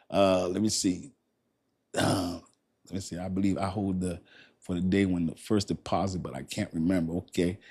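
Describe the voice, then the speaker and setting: Chatty low-voiced man streaming. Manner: chatty, repeats himself, thanks viewers warmly. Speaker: crypto live stream host. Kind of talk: casual live-stream talk.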